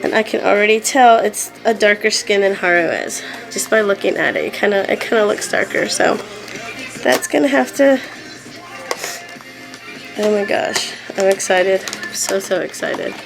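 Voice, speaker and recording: A bubbly young woman chats to her camera at home, giggling often and leaning on 'like' as she unboxes a package. Her voice sits at an ordinary pitch for a woman, and music plays steadily underneath her. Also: normal speed, vocal fry, poor audio. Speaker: doll collector vlogger. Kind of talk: casual unboxing chat. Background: background music.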